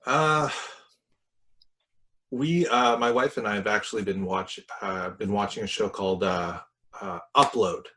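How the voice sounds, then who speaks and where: A man's voice: on the low side, a little slow, pushed and bright. A man talking as a filmmaker guest on a podcast, hesitant with many fillers. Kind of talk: casual interview chat.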